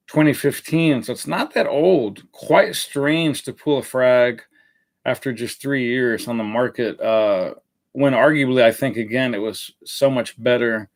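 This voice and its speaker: A man hosting a live fragrance review in a casual, rambling way, with many fillers and self-corrections. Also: mid-range voice.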